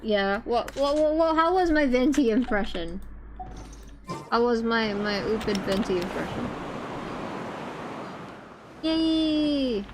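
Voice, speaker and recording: A woman live-streaming a game, chatting to her viewers in a rambling, chatty way and squealing when startled. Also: mid-range voice. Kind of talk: casual live-stream chat. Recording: game music behind the voice.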